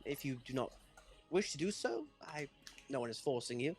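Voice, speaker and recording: Game master, male, steady and formal in tone. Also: mid-range voice, normal speed, over loud music. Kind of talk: narrating a tabletop game.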